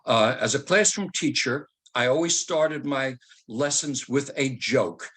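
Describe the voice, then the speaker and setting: A man's voice: medium pitch, measured pace, fairly bright tone, slightly rough. An older man giving a talk over a video call, teacherly and joking, asking rhetorical questions. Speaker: speaker and author. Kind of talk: storytelling talk.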